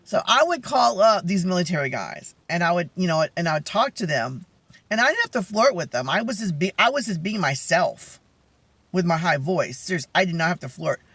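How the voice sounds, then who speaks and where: A man with a soft, feminine-sounding voice telling a rambling story in a casual vlog chat. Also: sits high, fairly quick, slightly rough, no room sound. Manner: rambling, animated storytelling with many asides. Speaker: vlogger.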